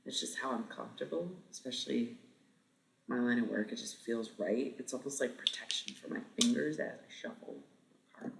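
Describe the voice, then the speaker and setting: Streamer in their 30s rambling to chat, gravelly voice, swears a lot, laughs a bunch. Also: mid-range voice, moderate pace, fairly bright tone, a little hiss or hum. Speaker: livestream host. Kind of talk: casual chat with viewers.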